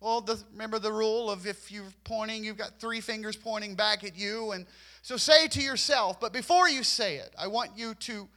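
A man delivers a sermon in a church, his voice very high and bright with a sharp edge. He urges the congregation again and again, stumbling over doubled words as he builds his point. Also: moderate pace. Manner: repetitive, urging, stammers on restarts. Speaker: preacher.

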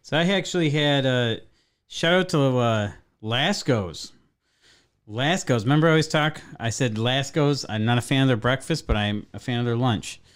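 A man's voice: medium pitch, brisk, clear, resonant tone. A man co-hosting a podcast in casual chat, joking crudely and swearing freely. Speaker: podcast co-host.

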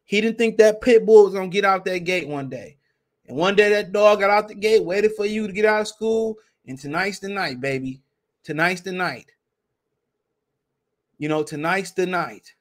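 Guy with a really high voice going off on a podcast rant, swearing a lot, repeating himself. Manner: heated, profane, repetitive ranting. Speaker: podcast host.

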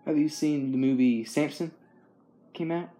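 Mellow-voiced young man, easygoing. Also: fairly high pitch, a little slow. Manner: rambling, easygoing, chuckles often. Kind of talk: casual chat.

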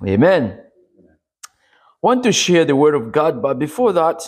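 A man's voice: big pitch swings, slow pace, breathy edge. A man from Congo, preaching and telling his testimony in an earnest storytelling manner. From Democratic Republic of Congo. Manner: earnest storytelling, rising pitch at dramatic moments. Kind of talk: sermon testimony.

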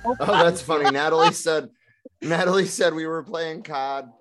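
A man co-hosting a casual chat, joking and telling quick stories. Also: a little high, over music. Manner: joking, storytelling. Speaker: co-host.

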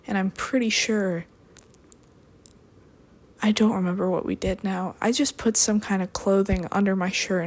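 A young adult woman talking alone in a rambling, deadpan way, drifting between topics with dry asides. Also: medium pitch, a little slow, pauses often, slightly rough. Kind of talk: rambling solo monologue.

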